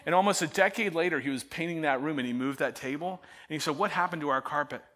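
A middle-aged male pastor preaching a sermon in a church, telling a story with animated, self-mocking energy and then turning quiet and prayerful. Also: a little high, quick pace. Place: church auditorium.

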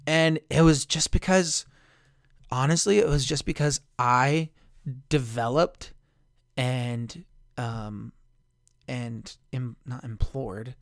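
A man's voice: fairly high pitch, no echo, clean studio sound. A man hosting a solo parenting podcast, chatty and encouraging, often correcting himself mid-sentence. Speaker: podcast host. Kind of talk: casual solo podcast talk.

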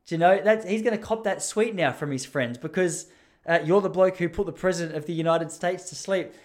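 A man's voice: high-pitched, fairly quick. An Australian man in his thirties rambling and joking through a casual monologue, laughing often. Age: 30s.

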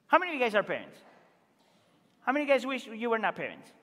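A man preaching a sermon as pastor, earnest and emphatic, rising to loud exclamations and dropping to quiet asides. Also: very high-pitched, wildly swooping pitch, fast talker. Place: church sanctuary. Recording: reverberant church hall.

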